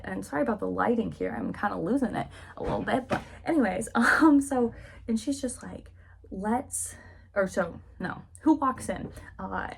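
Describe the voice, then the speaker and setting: A woman book vlogger giving a chatty, animated recap of a novel, full of casual fillers. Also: mid-range voice, vocal fry, slight background noise.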